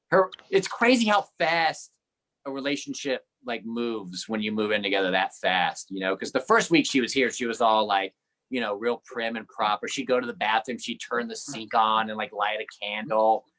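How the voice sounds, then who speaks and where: A man's voice: on the low side, moderate pace, fairly bright tone. A man in his late thirties doing a rambling stand-up comedy set over a video call, telling self-deprecating stories and acting out quotes. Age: 30s.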